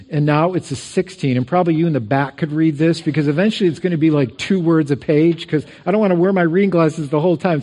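In a church sanctuary, a middle-aged male pastor gives a sermon in a mellow voice pitched slightly higher than most men's. His preaching is loose and conversational, mixing in personal stories and returning to things he has already said.

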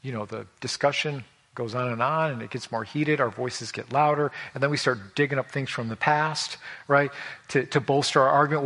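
A man preaching a conversational sermon, telling personal stories in an animated, folksy way with frequent repetitions and restarts. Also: fairly high pitch, brisk. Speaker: pastor.

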